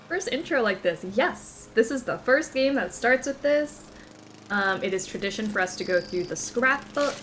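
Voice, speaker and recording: A woman's voice: fairly high pitch, animated, moderate pace, a bit bright, a little hiss or hum, rough recording. A woman gaming streamer chatting casually and jokily as she plays, gushing and teasing along. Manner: bubbly, jokey, gushing. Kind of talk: casual let's play commentary.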